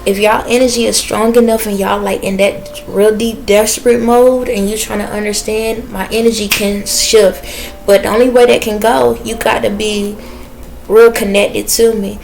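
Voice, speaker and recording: A woman's voice: mid-range voice, little pitch movement, gravelly, a little mellow, slight background noise. Rambling woman in a casual spiritual vlog. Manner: rambling, pausing to listen, chatty with viewers. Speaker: spiritual reader.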